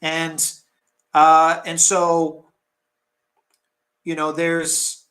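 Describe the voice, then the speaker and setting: Rambling chatty man, fairly high voice. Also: monotone, drawn-out words, bright, forceful tone. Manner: rambling, chatty, self-deprecating with laughs and restarts. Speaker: tea seller hosting a live stream. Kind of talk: casual live-stream chat.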